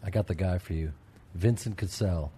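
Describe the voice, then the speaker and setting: A middle-aged actor co-hosting a podcast speaks earnestly and eagerly, his voice sitting a little low. Faint room ambience hums behind him. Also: moderate pace, dark tone, slight background noise. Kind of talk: casual podcast chat.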